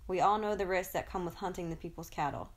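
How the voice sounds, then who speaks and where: A woman's voice: on the low side, steady tone, fast talker, close to an everyday voice. A woman voicing a stern, powerful male lion leading his pride in a storybook, in a commanding way.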